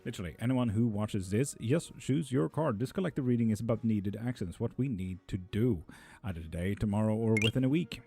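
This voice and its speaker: A man's voice: lowish voice, a little fast, gravelly, hardly any pauses, dark tone. A man reading tarot on a live stream, casually reading out chat messages and answering them offhand.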